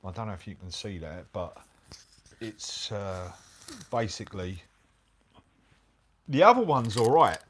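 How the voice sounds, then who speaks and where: A middle-aged man telling a motorbike travel story in casual chat, animated and full of slang. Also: fairly low pitch, measured pace, long pauses, slight background noise. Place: hotel room, indoors.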